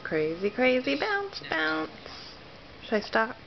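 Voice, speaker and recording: A woman talking softly to her baby in sing-song questions, recorded on a home video. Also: high-pitched, very animated, takes it slowly, vocal fry. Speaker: mother. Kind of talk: baby talk to her infant. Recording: muffled home video with faint hiss.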